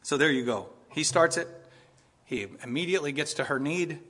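A man preaching a sermon with emphatic, repetitive, animated delivery, addressing his congregation. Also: a little high, normal speed, husky, long reverb tail.

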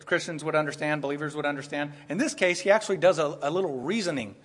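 A man preaches a sermon with a high-pitched voice, rising into emphatic bursts and breaking into laughter as he drives his points home. His voice carries a long reverb, as if filling a large hall. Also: fast, fairly bright tone. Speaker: pastor.

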